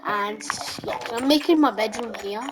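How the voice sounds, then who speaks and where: A woman giving casual, rambling gameplay commentary, excitable and giggly with many fillers. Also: fairly high pitch, normal speed, gravelly, background noise. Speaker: gameplay vlogger.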